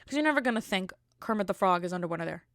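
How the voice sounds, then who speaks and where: A woman's voice: mid-range voice, expressive, rapid-fire, fairly bright tone, no room sound, studio quality. Exasperated rambling woman podcast host. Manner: rambling, exasperated comic rant with many fillers. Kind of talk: casual comedic chat.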